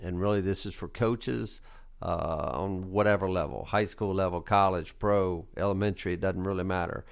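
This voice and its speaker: A man's voice: low voice, steady tone, moderate pace, creaky. A middle-aged man, a basketball coach and podcast host, talking through coaching tips in a conversational way, repeating key points with emphasis and plenty of fillers. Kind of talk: casual coaching tips monologue.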